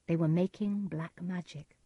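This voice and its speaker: A woman giving calm, measured storybook narration. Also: lowish voice, slightly rough, no room sound, highs cut off.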